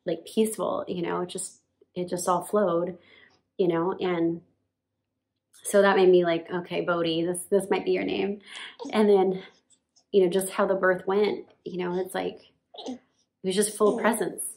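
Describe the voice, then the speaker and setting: A woman's voice: lowish voice, level tone, unhurried, long pauses, a little mellow. A woman casually telling her birth story while nursing her baby at home, chatty and full of "like" and laughs. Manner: chatty, lots of "like", laughs often.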